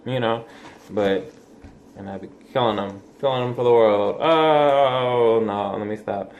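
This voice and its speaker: A man's voice: mid-range voice, measured pace, a little mellow, muffled recording, a little hiss or hum. A man in his twenties talking casually to camera in a rambling vlog, with lots of fillers, restarts and swearing. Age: 20s. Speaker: vlogger.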